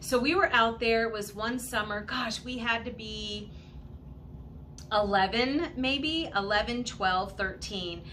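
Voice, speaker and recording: A woman telling a casual personal story in an animated way, laughing often and acting out what people said. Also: on the high side, slow, a little hiss or hum. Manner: animated, laughing often, acts out quoted voices.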